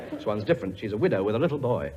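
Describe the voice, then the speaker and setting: A man's voice: medium pitch, a little mellow. An actor playing a pompous, blustering king with a sarcastic, grumbling working-class manner in a 1950s radio comedy. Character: blustering pompous male king, bossy and weary. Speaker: lead comic actor. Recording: dull old broadcast recording with audience laughter. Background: studio audience laughing.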